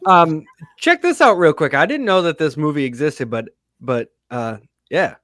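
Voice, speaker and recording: Male co-host, slightly high voice, dry close mic, cursing, animated storyteller. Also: moderate pace, no echo. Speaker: podcast co-host. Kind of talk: casual movie podcast banter. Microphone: podcast studio mic.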